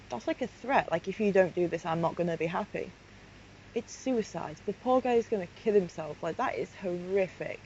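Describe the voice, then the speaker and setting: A woman vlogger reads through chat logs and reacts with casual but indignant, outraged, emphatic commentary. Her voice is on the low side with a darkish tone, and the home recording is slightly muffled with faint hiss.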